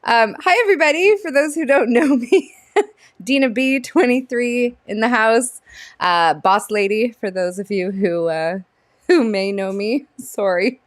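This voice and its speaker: A woman co-hosts a hockey stream and reads the lineups in casual chat, laughing at herself as she trips over names. Her voice is smooth and clear and very dry, with no room sound, and she speaks slowly. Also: mid-range voice, dry recording. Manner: giggly, self-deprecating, stumbles over names. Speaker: co-host of a live hockey stream.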